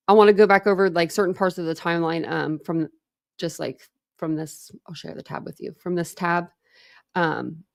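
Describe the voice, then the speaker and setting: A woman hosting a true crime livestream, chatting casually with viewers in a rambling way, full of fillers and restarts, and reading comments from the chat. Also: fairly low pitch. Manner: reads and answers live chat comments. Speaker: true crime channel host.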